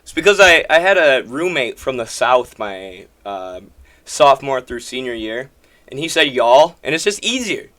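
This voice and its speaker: A man's voice: mid-range voice, very animated, moderate pace, sharp tone. A man from the American Midwest giving emphatic, combative political commentary, hammering his points through repetition.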